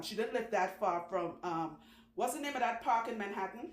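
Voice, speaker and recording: A woman who owns a salon, telling long stories in a chatty, animated way and laughing often. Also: medium pitch. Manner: chatty, animated, laughs often, does quick voices for people she quotes. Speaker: loctician, channel host. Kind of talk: casual storytelling talk. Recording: echoey room with faint background noise.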